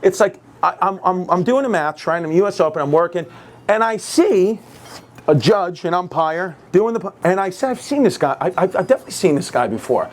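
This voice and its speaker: Excitable New man on a comedy stage. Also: high-pitched, fairly quick. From New York. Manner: excitable, jumps into acted quotes, laughing audience. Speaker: stand-up comedian. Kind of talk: stand-up storytelling.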